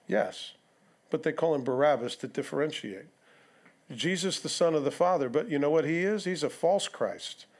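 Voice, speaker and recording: A man's voice: a little high, lively intonation, moderate pace, darkish tone. A male pastor preaching an expository sermon, conversational, with rhetorical questions and asides to the congregation. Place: church sanctuary.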